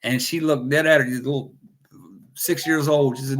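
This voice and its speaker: A man's voice: medium pitch, steady tone, normal speed, fairly bright tone. Rambling joking American man hosting a chat. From United States. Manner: rambling, joking, greets viewers by name. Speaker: host. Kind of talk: casual livestream chat.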